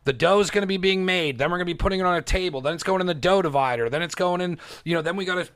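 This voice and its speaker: A man with a fairly high voice tells a story in a casual podcast chat. He gets worked up, swears freely, and slips into quick impressions of the people he talks about. The sound is dry and close, with no room around it. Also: clear, resonant tone, dry recording. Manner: excited storytelling, heavy swearing, acts out quotes. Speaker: podcast guest, bagel baker.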